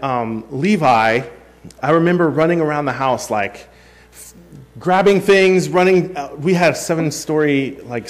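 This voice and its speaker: A man in his thirties preaching a sermon, mixing scripture with a self-deprecating family story. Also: on the high side. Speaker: pastor.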